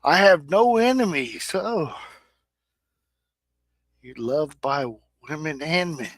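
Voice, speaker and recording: A middle-aged American Midwestern man hosts a casual livestream, talking plainly and with emphasis. His voice sits a touch high for a man, and the sound is close and dry with no room echo. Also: expressive, slow pace, fairly bright tone. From Indiana, USA. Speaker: livestream host.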